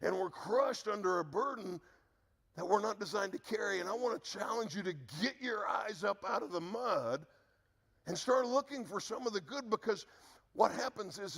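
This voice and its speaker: A middle-aged man preaching a sermon as pastor, earnest and repetitive, dropping low to stress key words. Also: gravelly, a bit bright, in a large hall.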